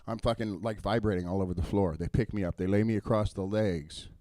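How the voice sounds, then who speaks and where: Middle-aged man, low dry voice, raw confessional storytelling, blunt and emotional. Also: fairly even intonation, a little fast, warm tone, no echo. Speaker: storyteller at a live event. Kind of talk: personal storytelling.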